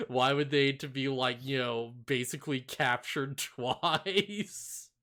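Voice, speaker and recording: Male podcast co-host, mid-pitched, rambly and giggly, casual chat. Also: takes it slowly, sharp tone. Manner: rambling, filler-heavy, laughs often.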